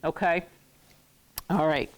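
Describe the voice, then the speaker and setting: A woman teaching a Hebrew class, playful and quick to laugh, acting out everyday phrases for her students in a classroom. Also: sits low, fairly even intonation. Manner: playful, laughs often, acts out market phrases.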